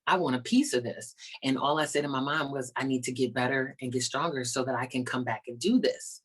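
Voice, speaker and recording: A woman stand-up comedian chatting as an interview guest, telling stories in an animated way and acting out the people she quotes, over a video call. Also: extremely low pitch, a little fast, breathy edge. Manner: animated storyteller, acts out quoted voices. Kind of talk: casual interview chat.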